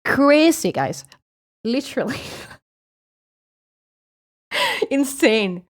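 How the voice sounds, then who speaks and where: A woman's voice: sits high, sing-song, extremely slow. A woman from Sweden with a Swedish accent, streaming and chatting casually with viewers in a rambling, swearing style.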